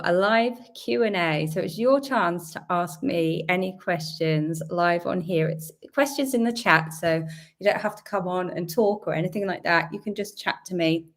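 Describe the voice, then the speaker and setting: A British woman from the UK, a little croaky from a sore throat, hosting a chatty, upbeat live-stream Q&A from home and greeting her viewers. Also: medium pitch. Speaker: host. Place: home indoors.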